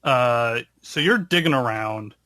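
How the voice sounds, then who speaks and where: A man runs a tabletop game as game master, describing scenes slowly. He pauses often and fills gaps with ums. His voice sits in a mid range and sounds dry and close. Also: mid-range voice, animated, pushed and bright, no echo. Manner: halting, filler-heavy narration.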